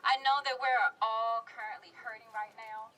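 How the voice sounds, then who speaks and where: A mother in her thirties performs spoken-word poetry at an outdoor rally, her emotion swelling until she's close to tears. Her voice is fairly high, bright, and pushed, with fairly steady intonation and a moderate pace. A distant outdoor mic picks her up along with background noise.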